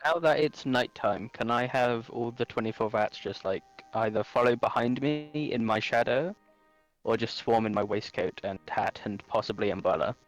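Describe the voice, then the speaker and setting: A man's voice: mid-range voice, normal speed, faint music behind. A man playing in a tabletop game, chatting casually and asking questions. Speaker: player.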